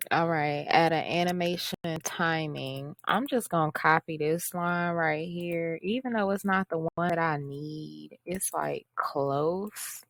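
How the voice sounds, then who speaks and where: A woman's voice: lowish voice, no echo. A woman hosting a casual coding walkthrough, chatty and self-mocking as she reads the instructions aloud. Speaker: coding tutorial host. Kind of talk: casual screen-share walkthrough.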